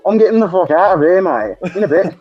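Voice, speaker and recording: A man's voice: high voice, lively intonation, fast talker, highs cut off. A British man putting on a rude, sweary young man who brushes people off. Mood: dismissive.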